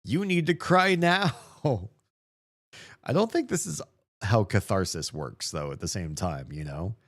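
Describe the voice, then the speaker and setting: A man hosting a let's play, reading the game's text aloud and commenting on it in a playful way, with frequent laughs and soft mumbled asides. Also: on the low side, lively intonation, a little slow.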